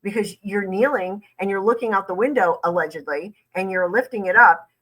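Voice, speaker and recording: A woman's voice: medium pitch, fairly quick, a bit bright, poor audio. A woman lawyer hosting a reaction video, breaking down an interview point by point. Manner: analytical, emphatic. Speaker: lawyer, host.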